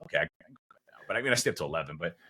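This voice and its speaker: Fast-talking bright-voiced man, rambling. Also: low voice, animated, husky. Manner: rambling, many fillers and restarts; acts out quoted dialogue. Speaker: podcast guest. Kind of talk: casual conversation.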